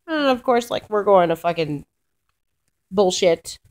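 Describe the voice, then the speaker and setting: A woman's voice: medium pitch, lively intonation, measured pace. A young woman venting in a rambling, exasperated way, swearing often and restarting her sentences as she tells about her week. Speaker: vlogger. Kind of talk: casual rant to camera.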